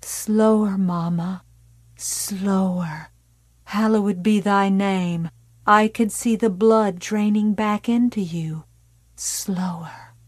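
A woman voicing a wounded young woman with strange powers, speaking in a slow, cold, soft whisper. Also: mid-range voice, steady tone, no room sound.

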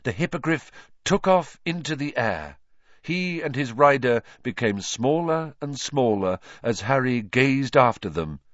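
A man narrates an audiobook with a lively, expressive reading that rises and falls freely. The recording is dry and close, with a dull, slightly lo-fi tone. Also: mid-range voice, measured pace, no room sound. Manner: expressive reading, doing the characters' voices.

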